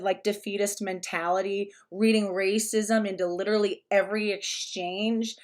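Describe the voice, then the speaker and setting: A woman's voice: medium pitch, normal speed, hardly any pauses. A woman speaking in a casual commentary vlog, rambling along with frequent restarts. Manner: rambling, with many restarts and fillers.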